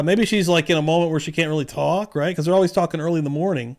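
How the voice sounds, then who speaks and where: A man's voice: a little high, quick pace, darkish tone. A man hosting a livestream, reading court evidence messages aloud and reacting with blunt, casual asides. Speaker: livestream host reacting to trial clips.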